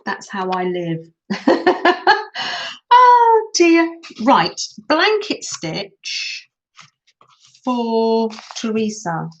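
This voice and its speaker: A woman's voice: a little high, huge pitch swings, very slow, pauses often. A middle-aged woman chatting to viewers as she hosts a crafting live stream, giggling often. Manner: chatty, giggly, talks to viewers while working. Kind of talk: casual crafting tutorial chat. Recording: dull lo-fi sound.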